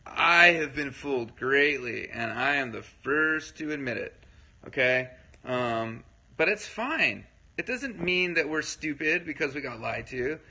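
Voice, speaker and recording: Bright-voiced rambling man on a livestream. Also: mid-range voice, expressive, measured pace, low-quality recording. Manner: rambling, filler-heavy, keeps checking in with listeners. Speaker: livestream host. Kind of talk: casual livestream talk, answering viewer comments.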